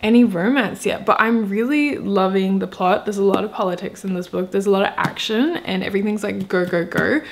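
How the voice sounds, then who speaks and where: A woman's voice: medium pitch, brisk, vocal fry, few pauses. A young woman chatting casually in a vlog about books, rambling and enthusiastic with lots of filler words. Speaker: book vlogger.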